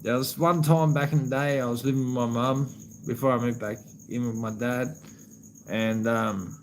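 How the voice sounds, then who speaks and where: A man's voice: mid-range voice, steady tone, normal speed, a little hiss or hum, rough recording. Swearing Australian man on a live stream. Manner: profane, rambling, calls viewers man and brother. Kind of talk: casual live-stream chat.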